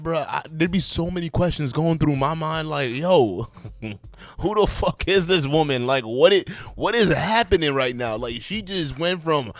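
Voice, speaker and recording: A man's voice: on the high side, no room sound. A man hosting casual reaction commentary, blunt and emphatic, swearing heavily as he talks.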